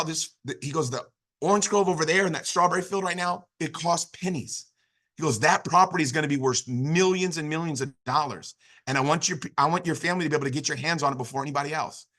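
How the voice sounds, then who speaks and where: A man in his fifties tells a motivational business story at a quick clip. His voice is bright and forceful. He talks in an animated way, stumbling over restarts and fillers as he pushes on. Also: on the high side. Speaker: business opportunity speaker.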